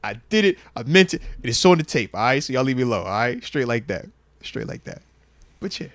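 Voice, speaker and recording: A man hosting a casual sports talk show, playful and animated, often laughing and repeating himself. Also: mid-range voice, quick pace, no room sound. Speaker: podcast host.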